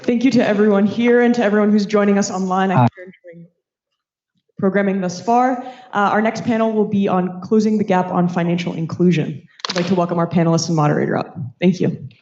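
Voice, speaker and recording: A man making a brisk stage announcement to welcome the next panel. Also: sits high, fairly even intonation, darkish tone. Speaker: event announcer. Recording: echoey hall, dull sound.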